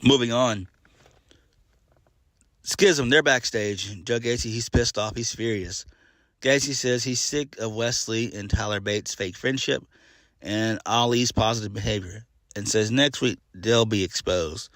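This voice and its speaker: Lowish-voiced guy ranting through a wrestling review, blunt, curses, lots of um and like, dry sound. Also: a little slow, fairly bright tone, no room sound. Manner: blunt, exasperated, swears freely, frequent fillers. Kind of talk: casual solo review.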